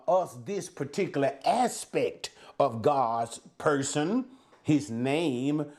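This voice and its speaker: A man preaching through a Bible passage in a sermon for a podcast. His voice sits a little high and rises and falls widely, and he speaks slowly. He asks rhetorical questions and answers them himself, and he restarts words as he goes. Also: a little mellow.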